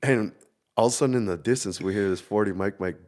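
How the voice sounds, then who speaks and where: A man in his thirties with a fairly low voice, swapping old army stories in relaxed, casual chat. He tells them in a laid-back way and breaks into laughter often. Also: fast. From Minnesota. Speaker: army veteran podcast co-host.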